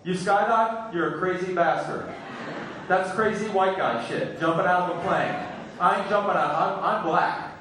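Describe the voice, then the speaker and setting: A man's voice: sits high, moderate pace, a bit bright, a little hiss or hum. A man doing stand-up comedy in a club, brashly teasing the crowd with crude jokes, heard from far off in an echoey room.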